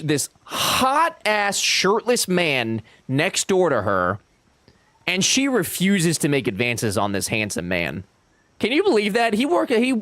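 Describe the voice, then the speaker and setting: A man's voice: fairly high pitch, a bit bright, no echo. A man streaming a game, chatting with his viewers in a playful, teasing way. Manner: playful, teasing, jokey banter. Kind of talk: casual live-stream chat with viewers.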